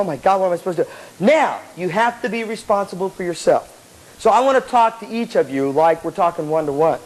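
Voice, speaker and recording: A man's voice: sits high, poor audio. A man giving a live motivational seminar to student band members, playful and blunt, acting out people's inner voices and now and then swearing. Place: hall with a student audience. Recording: 1985 live cassette tape with faint audience and hiss.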